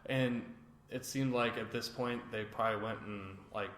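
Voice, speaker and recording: A man's voice: on the low side, normal speed, a little hiss or hum. A man co-hosting a podcast, casually recapping a reality show and acting out what the cast said. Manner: animated storytelling, acting out quotes. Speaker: podcast co-host. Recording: roomy echo.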